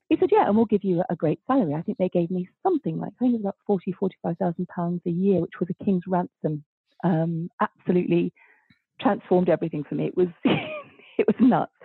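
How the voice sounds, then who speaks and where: A woman of fifty, a guest author telling her story in an interview, bubbly and animated, acting out the voices of people she quotes. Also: fairly low pitch, vocal fry, slightly rough, no room sound. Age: 50s. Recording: thin phone-like line, dry.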